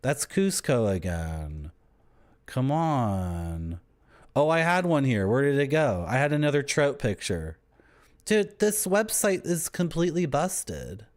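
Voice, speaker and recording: A man's voice: medium pitch, sing-song, slow pace, a little mellow. A young man, live-streaming and bantering with his chat in a joking, teasing, rambling way. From Canada.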